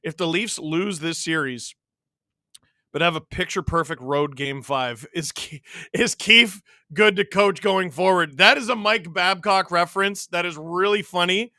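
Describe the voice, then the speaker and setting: A man from Canada hosting a live hockey watch-along, mixing excited play-by-play with reading chat messages and shouting on big plays. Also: high voice, unhurried, no room sound, studio quality. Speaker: livestream host watching a hockey game.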